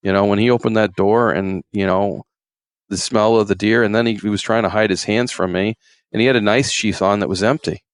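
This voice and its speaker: A man's voice: on the low side, fairly even intonation, a little fast, clean tone, no room sound. A middle-aged man, a retired game warden, telling folksy, rambling stories in an interview and acting out quotes in raised voices. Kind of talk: casual storytelling interview.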